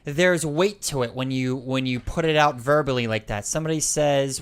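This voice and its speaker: A man chatting casually as a podcast co-host, relaxed and talking in bursts. His voice sits slightly high and sounds smooth and resonant. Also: moderate pace. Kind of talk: casual chat.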